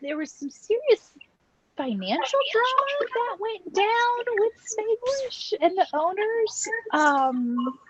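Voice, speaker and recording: A woman's voice: very high-pitched, sing-song, takes it slowly, dry recording, muffled recording. A woman co-hosting a casual food news podcast, chatty, with frequent ums and uhs. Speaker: podcast co-host.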